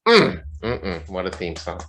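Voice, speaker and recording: Man, podcast co-host, casual chat, swears a lot, lively storytelling. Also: lowish voice, moderate pace. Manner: profane, animated storytelling.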